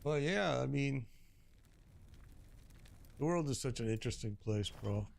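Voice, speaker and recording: A man's voice: medium pitch, lively intonation, a little slow, vocal fry, a little hiss or hum. A middle-aged man from Chicago, a streamer chatting casually and telling slangy stories with frequent laughs. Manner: storytelling, laughs often, slangy. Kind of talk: casual chat. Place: home streaming setup.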